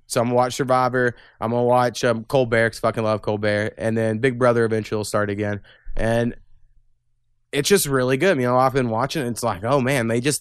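A man's voice: medium pitch, smooth, no room sound, clean studio sound. A man hosting a podcast in casual chat, rambling, cursing and laughing often. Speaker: podcast host.

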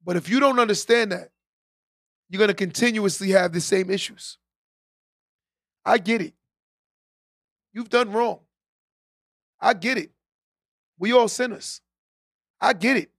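A man's voice: sits high, measured pace, long pauses, fairly bright tone, no room sound, studio quality. A man hosting a live stream, giving a preachy motivational talk to his viewers, repeating his key lines and often tagging them with "right?". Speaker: podcast host on a live stream.

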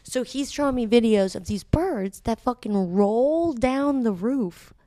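A young woman, a comedian, telling animated stories in casual podcast chat and swearing freely. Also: fairly high pitch, unhurried, no echo. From New York City. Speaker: comedian guest.

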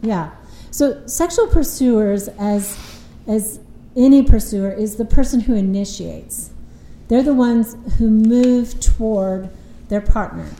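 A woman's voice: on the high side, takes it slowly, mellow, roomy sound, rough recording. A woman couples therapist explaining relationship patterns in an earnest, conversational way, often retelling what her clients said.

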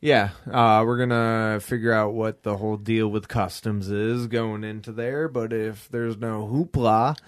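A man's voice: lowish voice, steady tone, a little slow, hardly any pauses, smooth, no echo, studio quality. A young man co-hosting a podcast in casual chat, rambling with fillers and swearing as he laughs. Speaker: podcast co-host.

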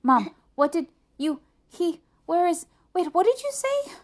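An anxious, stammering young boy in a storybook, his voice pitched high and jumpy, as a woman reads him aloud. He trips over his words and rises in pitch when he panics. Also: a little slow, heavily acted. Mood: flustered. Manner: stammering, excitable.

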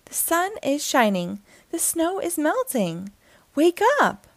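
A woman doing an eager bright frog. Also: sits high, a little slow, gravelly, dry recording, pitched above the performer's own voice, heavily acted. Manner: excited calling. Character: eager cheerful young male frog.

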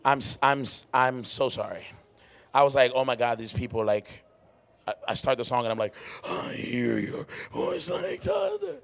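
An excitable man rambles and laughs through a casual podcast chat, his voice slightly worn from singing. He sounds like he is in a warehouse-style venue right after a show. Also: mid-range voice, fairly quick, smooth. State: losing his voice. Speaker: podcast host and worship musician.

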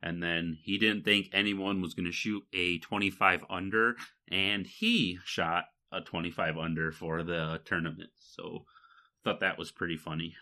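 A man's voice: deep voice, fairly even intonation, a little slow, bright, forceful tone. A man from Michigan co-hosting a podcast, chatting casually in a rambling way with fillers and laughs. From Michigan, USA. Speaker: podcast co-host. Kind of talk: casual chat.

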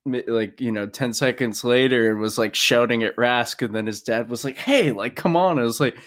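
A young man chats about sports in a loose, profane way. His voice sits at an ordinary middle pitch, and he breaks into laughter mid-story. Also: level tone, brisk, fairly bright tone. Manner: swears freely, laughs while telling stories. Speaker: podcast co-host. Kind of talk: casual sports chat.

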